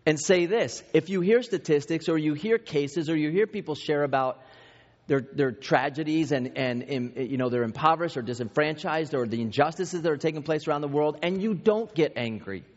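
A man's voice: a little high, normal speed. A pastor in his thirties or forties preaching a sermon in a conversational way, telling anecdotes about his own family. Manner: conversational, with self-deprecating family anecdotes and many restarts. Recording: reverberant hall, dull lo-fi sound.

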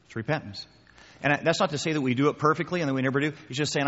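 Male preacher, mid-pitch, chatty delivery; dull recording in a reverberant hall. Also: racing, a bit bright. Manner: conversational, repeats key phrases, addresses listeners as guys. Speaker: pastor. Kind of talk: sermon with audience questions. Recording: muffled sound with long hall reverb.

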